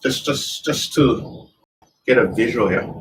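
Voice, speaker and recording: A man's voice: mid-range voice, unhurried. A man teaching a tai chi lesson, talking in loose, broken phrases as he demonstrates the moves. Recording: distant mic with faint background noise.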